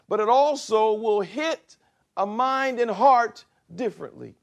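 A middle-aged male pastor preaching a sermon, slow and emphatic, swinging from quiet to loud for effect. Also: high-pitched.

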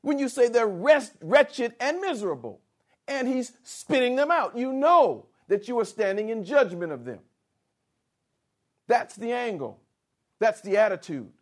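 A male preacher giving a sermon, spelling out words slowly and addressing the listeners directly and insistently. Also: very high voice, big pitch swings.

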